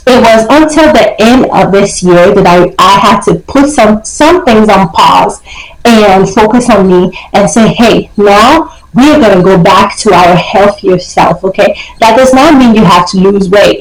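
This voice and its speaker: A young woman speaks casually and emphatically to camera, giving motivational life advice, repeating her points and coaxing with frequent "okay?" check-ins. Her voice is medium-pitched and measured, with roomy sound and poor audio.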